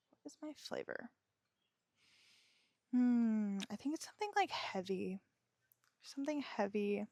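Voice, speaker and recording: A woman hosts her solo podcast in a gentle, reassuring way, sounding tired and emotionally weighed down. Her voice sits a bit high, and she often stumbles over words and laughs at herself. The recording is close and dry, with no room sound. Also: dry recording. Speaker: podcast host. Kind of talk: casual solo podcast talk.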